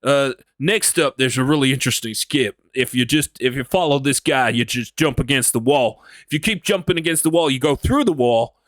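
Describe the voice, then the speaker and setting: English guy doing a loud texan cowboy preacher, drawly, bright and punchy, dry close mic. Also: mid-range voice, a little fast, few pauses, no room sound, natural voice. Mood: drawling. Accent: Texan, put on.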